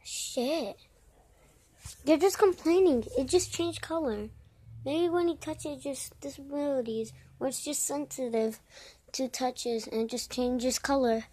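A high-pitched woman voices a whole group of characters in a homemade story. She is brash and swears freely, and her speech comes slow and drawn out. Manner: brash, swears often, switches between shouting and mumbling. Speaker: voice-over creator.

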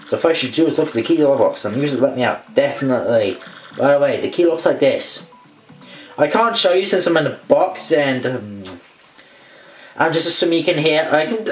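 A man's voice: on the high side, reverberant, poor audio. A man giving rambling, joking commentary over a video game. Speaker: gameplay commentator. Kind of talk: casual gameplay commentary.

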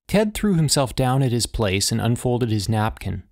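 A man narrating a short story in a steady, measured audiobook reading. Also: medium pitch. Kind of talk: scripted narration.

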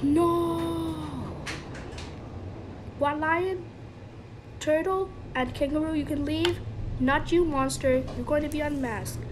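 A woman hosting a playful home-made show, with excited announcing. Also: high-pitched, moderate pace, noisy background. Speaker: host.

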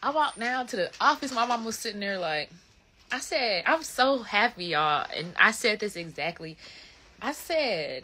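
A young woman chatting through a phone livestream, spinning a story for her viewers in loose, slangy talk full of swearing. Her voice swoops up and down a lot and has a bright, sharp edge. Faint hiss sits under it. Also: mid-range voice, normal speed. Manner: animated, slangy and profane, addressing viewers as y'all. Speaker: livestream host.

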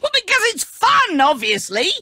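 Smug all-powerful game villain, taunting, swooping animated voice, slow drawl, dry close sound. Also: male voice, very high-pitched, breathy edge, dry recording, exaggerated voice. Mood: gleeful mocking. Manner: taunting, amused by others' anger. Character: gleeful godlike male villain, smug and mocking. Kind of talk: video game voice acting.

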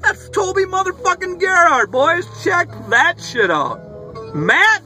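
Excitable, foul-mouthed card vlogger, man, bouncy and animated delivery, in a car. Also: very high voice, takes it slowly. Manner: excitable, profane, hollering. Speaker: sports card collector opening mail. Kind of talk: casual card-opening vlog. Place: inside a car. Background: rock music playing faintly.

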